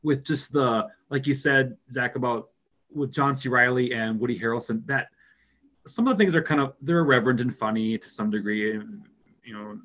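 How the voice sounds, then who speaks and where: A man's voice: medium pitch, normal speed, fairly bright tone. A man from rural Minnesota with a Minnesotan accent, talking through a film in a casual podcast chat, rambling with many fillers and restarts. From Minnesota, rural area.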